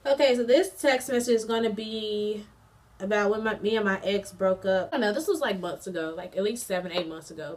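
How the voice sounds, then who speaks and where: A young woman in her twenties chats through a breakup story in a loose, slangy storytime style. Her voice sits at a middle pitch and comes from a little way off the mic. She fills her talk with "like" and "um" and laughs between lines. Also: recorded from a distance. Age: 20s. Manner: chatty, slangy, frequent fillers; animated, laughs mid-story. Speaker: college student vlogger. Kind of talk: casual storytime chat.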